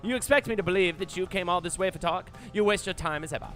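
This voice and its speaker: A man's voice: high voice, quick pace, fairly bright tone, faint music behind, voice pushed up. A man voicing a bitter, hostile female harp sister. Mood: scornful.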